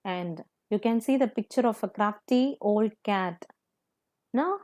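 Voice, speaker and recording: A woman teacher, explaining a children's poem slowly and patiently, repeating words and asking the class questions. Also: medium pitch, darkish tone. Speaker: primary school teacher.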